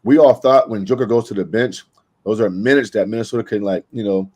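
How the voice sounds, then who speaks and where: Low-voiced man breaking down plays. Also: warm tone. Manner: measured, explanatory, breaks down plays. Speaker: podcast co-host. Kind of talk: casual sports analysis.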